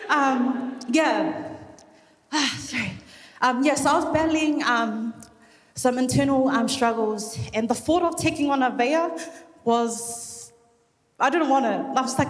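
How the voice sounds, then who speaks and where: Woman from New Zealand, high voice, candid emotional graduation speech, heavy fillers, echoey hall with long reverb. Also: measured pace. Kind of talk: personal speech at a ceremony.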